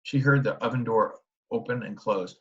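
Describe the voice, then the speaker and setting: A man narrating a children's book in a steady storytelling manner. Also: mid-range voice, normal speed. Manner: steady storytelling with small restarts. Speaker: audiobook narrator. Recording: dull lo-fi recording.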